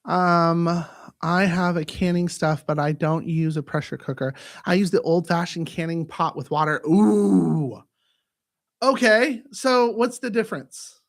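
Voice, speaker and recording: A man hosting a casual live-stream chat, jokey and animated and given to breaking into silly voices. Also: on the high side, moderate pace. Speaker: host.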